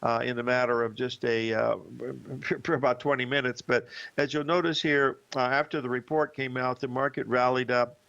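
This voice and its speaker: Male host of a financial chart show, gravelly, talking loosely with fillers; muffled broadcast sound. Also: mid-range voice, steady tone, moderate pace, a bit bright. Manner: rambling, with many fillers and restarts. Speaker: host and market analyst. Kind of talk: live market commentary show.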